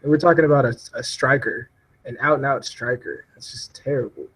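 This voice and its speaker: Husky young guy talking soccer, jokey and mocking, laughs a lot. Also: medium pitch, fairly quick, a bit bright, poor audio. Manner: joking, mocking, laughs often. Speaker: podcast guest. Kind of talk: casual sports chat.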